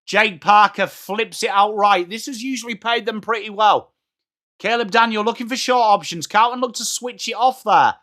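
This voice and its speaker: Excitable English man calling footy live. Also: sits high, moderate pace. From England. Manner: excitable, blunt, swears, banters with chat. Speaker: watchalong streamer. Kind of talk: live football reaction commentary.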